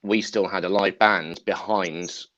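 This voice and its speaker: A man's voice: deep voice, fairly even intonation, a little slow, a bit bright. A man co-hosting a podcast, swapping enthusiastic anecdotes in casual chat. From Essex, England. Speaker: podcast co-host. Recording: dull lo-fi sound.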